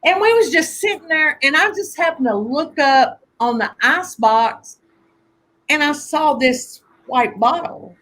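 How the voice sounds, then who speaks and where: Animated woman telling stories. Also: sits high, a little slow. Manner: animated storyteller, laughs often, acts out family voices. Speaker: guest conjure teacher. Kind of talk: casual storytelling conversation.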